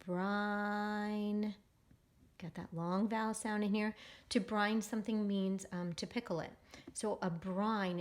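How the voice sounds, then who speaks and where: A woman leads a phonics lesson for young readers and speaks at a middle pitch. She is patient and encouraging. She stretches each word out slowly so the children can read along. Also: darkish tone. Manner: patient and encouraging, reading words slowly aloud. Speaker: reading teacher.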